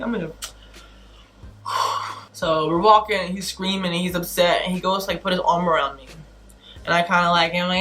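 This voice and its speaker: A young woman vlogger telling a bad-date story in an animated, exasperated way, acting out the quotes. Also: fairly low pitch, normal speed. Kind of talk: storytime vlog.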